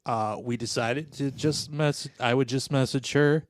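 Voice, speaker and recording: A man's voice: medium pitch, fairly even intonation, a little slow, a little hiss or hum. A man co-hosting a podcast in casual banter, dry and self-deprecating, rambling with fillers. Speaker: podcast co-host.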